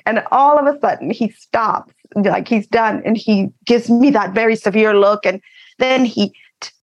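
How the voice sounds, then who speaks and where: A woman from Texas, an author, telling a personal story in an animated, laughing way. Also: fairly high pitch, muffled recording. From Eagle Pass, Texas. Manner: animated, laughs often while telling stories. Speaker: author and guest. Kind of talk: casual storytelling.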